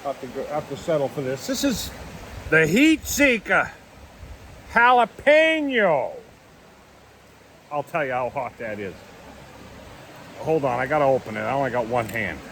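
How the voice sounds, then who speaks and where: A man's voice: medium pitch, a little fast, a little hiss or hum, poor audio. A man hosting a casual outdoor prospecting vlog, talking in an easygoing, rambling, folksy way at a dig site. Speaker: gold prospecting vlogger.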